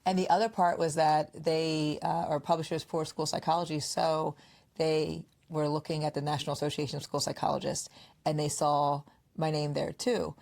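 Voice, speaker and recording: Woman podcast co-host, low voice, casual storytelling, mimics friends' lines. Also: normal speed, gravelly. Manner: animated storyteller, acts out quoted friends. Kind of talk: casual conversational podcast chat.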